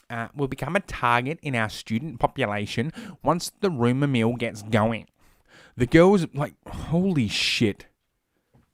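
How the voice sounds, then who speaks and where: A man's voice: medium pitch, no echo, clean studio sound. Profane ranting man. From Australia. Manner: profane, rambling, heavy swearing. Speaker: streamer. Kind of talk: ranting commentary stream.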